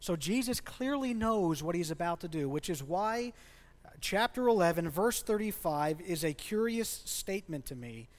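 Male pastor, conversational sermon, fairly high voice, long hall echo. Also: animated, moderate pace. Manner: conversational, asks the congregation questions. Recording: long reverb of a large hall.

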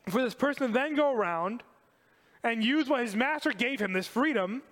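Man, pastor, sermon, high voice, emphatic, repetitive, reverberant hall. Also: normal speed. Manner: animated, emphatic preaching with repetition.

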